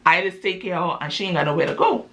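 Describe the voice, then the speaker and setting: A woman's voice: on the low side, very fast, fairly bright tone, lightly acted. A woman voicing a brash, boastful young man, cocky and dismissive.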